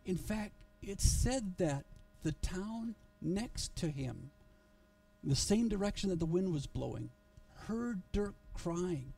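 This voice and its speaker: A male pastor tells a story in a church sermon, earnest and often restarting his phrases. His voice sits slightly high with a gravelly, mellow edge. The mic picks him up from some distance in the sanctuary. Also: lively intonation, slow.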